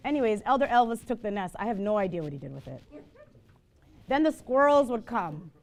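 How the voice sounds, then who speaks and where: A woman's voice: medium pitch, lively intonation, brisk. A woman teaching the Bible to a live group. She tells digressive stories and puts questions to her listeners. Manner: chatty, digressive storytelling, asks the audience questions.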